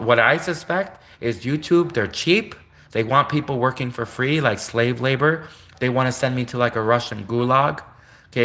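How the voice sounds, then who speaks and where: A man's voice: mid-range voice, a bit bright. Give me an indignant man ranting on a livestream, rambling and joking as he goes. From Canada.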